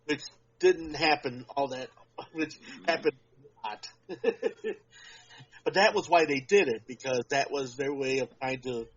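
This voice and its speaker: A male podcast co-host speaks in a mid-range voice, with slight background noise in the clip. In casual conversation he holds forth at length, making emphatic, drawn-out points. The recording has a dull lo-fi podcast quality.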